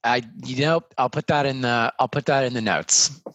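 A man's voice: medium pitch, moderate pace, fairly bright tone. A man narrating as game master of a tabletop game, laughing often as he describes the scene.

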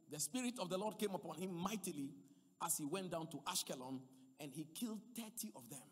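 A man preaching a sermon, swinging between loud emphatic passages and quiet asides. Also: fairly high pitch, husky, big-room sound.

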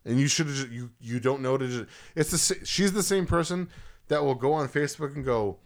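A man's voice: mid-range voice, a little fast. East Coast guy on a casual podcast, loose and profane, mid-range voice, griping about a caller. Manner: heated, profane storytelling. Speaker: podcast co-host.

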